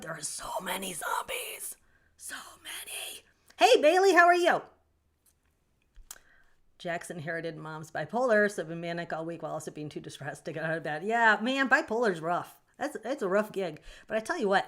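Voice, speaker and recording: A woman with a slightly low voice hosts a casual livestream from home. She chats in an upbeat way, reading out comments from viewers and answering them with quick sympathy and jokes. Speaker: livestream host and author.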